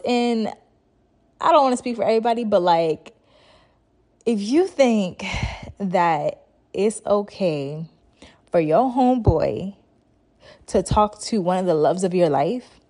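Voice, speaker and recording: A woman's voice: medium pitch, lively intonation, takes it slowly, long pauses, warm tone. A young woman hosting a podcast, retelling a show in a chatty, slangy way full of fillers. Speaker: podcast host. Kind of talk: casual storytelling monologue.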